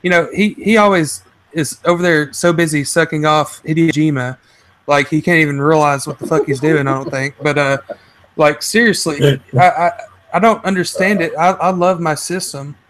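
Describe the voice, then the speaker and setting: A man's voice: on the high side, fairly even intonation, normal speed, fairly bright tone. A man in casual podcast chat, venting in a heated, rambling way and swearing often. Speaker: podcast guest.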